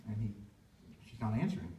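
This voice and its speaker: A man's voice: fairly low pitch, very animated, a little fast, dark tone, a little hiss or hum. A young man, a worship leader, telling a heartfelt personal story in a rambling way with many restarts. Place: church sanctuary. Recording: echoey church room from far off.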